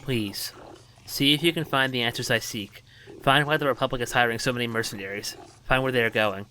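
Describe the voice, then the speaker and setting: A man's voice: medium pitch, fairly quick, sharp tone, a little hiss or hum, lightly acted, low-quality recording. A man reading the lines of a formal, worried male alien official in his own voice. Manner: formal, earnest.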